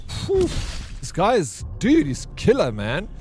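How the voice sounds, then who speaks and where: A man's voice: sits high, huge pitch swings, slow, darkish tone. Joking South African man streaming games. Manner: joking, teasing banter, greets and thanks viewers. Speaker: variety streamer. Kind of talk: casual live-stream chat while gaming.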